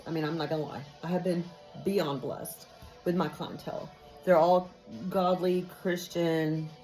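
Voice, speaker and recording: A woman in her fifties, a hairdresser, talks casually to the camera from her salon. Her voice sits fairly low, and she rambles along with plenty of fillers. Faint music plays in the background. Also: dark tone, rough recording. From Texas. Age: 50s. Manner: chatty and rambling, many fillers. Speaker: hairdresser vlogger. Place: hair salon.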